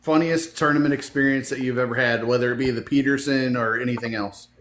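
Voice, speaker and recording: A man's voice: medium pitch, steady tone, fast talker. A man hosting a podcast, reading out a listener question and telling an earnest personal story. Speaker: podcast host. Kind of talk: casual conversation. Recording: echoey room with faint hiss.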